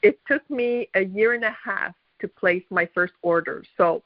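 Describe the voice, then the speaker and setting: A woman's voice: medium pitch, lively intonation, moderate pace, no room sound. A middle-aged woman from Quebec with a Québécois French accent, telling her story as a guest on a call, hesitant with many fillers and frequent laughs. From Quebec, Canada. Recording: dull lo-fi call audio.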